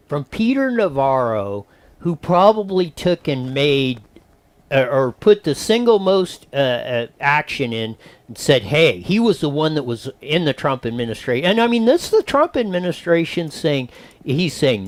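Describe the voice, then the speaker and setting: A man hosting talk radio, delivering opinionated commentary in a rambling, restart-heavy way. His pitch swoops lively up and down. The sound is dry and close-miked. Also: moderate pace, dry recording. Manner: animated, wandering, with frequent restarts and acted-out quotes. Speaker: radio talk show host.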